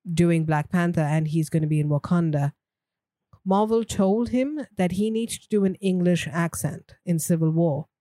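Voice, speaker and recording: A woman co-hosting a podcast, her voice low and mellow. She talks things through in a thoughtful, easygoing way and laughs easily. The sound is dry and close. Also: dry recording. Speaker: podcast co-host. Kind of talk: casual chat.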